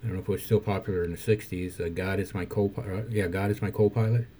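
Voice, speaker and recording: Older man with a low, mellow voice. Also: fairly even intonation, a little hiss or hum. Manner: halting, self-correcting, faith-focused musing. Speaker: poet reading his own poems. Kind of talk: reflective conversation and poetry reading.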